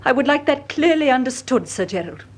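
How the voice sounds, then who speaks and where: Casting: attrice per una donna britannica elegante e guardinga, tono fermo e composto, radiodramma vintage. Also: female voice, medium pitch, animated, normal speed, close to an everyday voice. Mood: icy, firm. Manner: crisp, composed, firm. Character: proud guarded female executive with a secret. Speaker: actress in radio drama. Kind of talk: vintage radio drama acting.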